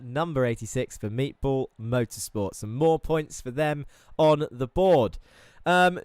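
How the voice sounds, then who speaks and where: A man's voice: fairly high pitch, clear, resonant tone, no room sound, studio quality. A man commentating on an esports racing event, running through results and standings in a chatty, upbeat way with self-deprecating asides.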